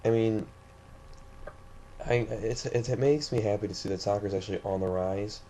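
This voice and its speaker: Young guy from st louis ranting into the camera, kinda low voice, trips over his words a lot. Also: flat delivery, moderate pace, dark tone, a little hiss or hum. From St. Louis area, USA. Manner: indignant, rambling, with many restarts. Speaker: vlogger. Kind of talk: ranting vlog monologue.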